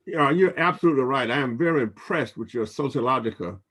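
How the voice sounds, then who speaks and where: A man's voice: medium pitch, lively intonation, fast talker, fairly bright tone, slightly rough. An older man, a professor, speaking in a roundtable discussion in a rambling way that often repeats words.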